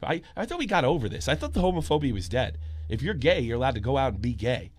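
A man in his forties hosting a podcast, telling a story and ranting with constant swearing, dropping low and then shouting. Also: very animated, fast talker, husky, dry recording. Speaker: podcast host. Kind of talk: profane commentary rant.

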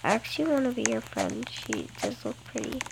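A woman's voice: a little high, huge pitch swings, a little fast, gravelly, noisy background. A girl chatting playfully through a phone game, gasping and breaking into bits of song. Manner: playful and chatty, gasps and sings in bursts. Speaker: gameplay vlogger. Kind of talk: casual game commentary. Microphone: phone screen recorder.

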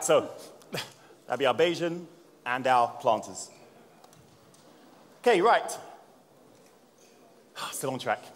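A man giving a live cocktail demonstration at a trade-show seminar, talking in a jokey, chatty way and addressing the audience as he mixes drinks. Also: medium pitch. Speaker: bartender presenting a seminar. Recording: long hall reverb.

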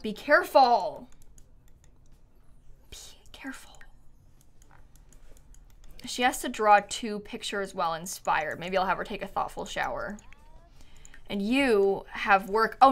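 Bright, lively giggly woman streamer. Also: mid-range voice, normal speed. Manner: giggly, chatty, often breaks into laughter. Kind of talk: casual live-stream chat while playing a life-sim game.

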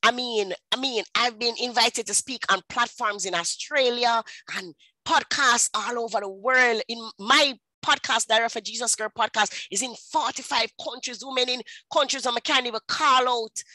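A woman in her thirties with a Jamaican accent, telling her personal testimony in an animated storytelling way and slipping into patois. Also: fairly high pitch, normal speed, no echo, low-quality recording. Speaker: speaker at a women's ministry.

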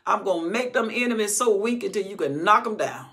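A middle-aged woman teaching scripture with a gravelly, bright-edged voice. She reads a verse, then drives her point home with emphatic repetition. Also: mid-range voice, expressive, fairly quick, hardly any pauses. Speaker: Bible teacher. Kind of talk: Bible study teaching.

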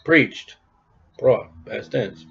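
A man's voice: medium pitch, drawn-out words, gravelly, husky, highs cut off. A man preaching an informal sermon in a conversational way, acting out bits of dialogue as he goes. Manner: conversational, acts out dialogue in quoted voices.

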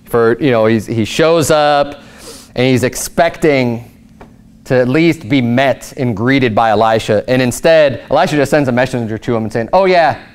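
A male pastor giving a sermon in a conversational, animated storytelling way. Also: mid-range voice, normal speed, clean tone.

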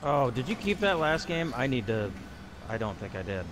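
A man's voice: medium pitch, big pitch swings, moderate pace. A man chatting casually with a friend while they play a game together. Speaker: gaming friend on voice chat. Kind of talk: casual gaming chat. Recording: audible background noise.

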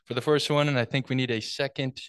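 A man's voice: medium pitch, fairly even intonation, fast, a bit bright, smooth, no room sound. A man acting as timer, laying out speech timings in a plain, methodical way. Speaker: timer at a speaking club. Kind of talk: announcing meeting timings.

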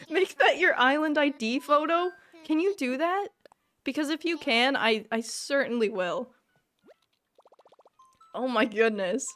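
A woman streamer chatting excitedly with her viewers during a live game stream, laughing often. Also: high voice, slow pace, pauses often, soft background music.

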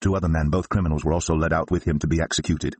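A man giving a scripted scripture narration in a steady, measured reading. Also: very deep voice, husky, no echo. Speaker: Bible reader.

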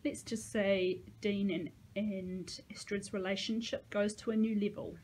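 A woman's voice: medium pitch, little pitch movement, unhurried, darkish tone, rough recording. A woman, a teacher, reading a novel aloud to her class with casual asides to her listeners.

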